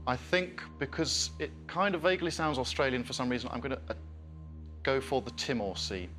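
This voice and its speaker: A man's voice: medium pitch, brisk, a bit bright, faint music behind. A man, a quiz contestant, reasoning aloud uncertainly before choosing an answer. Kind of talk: thinking aloud.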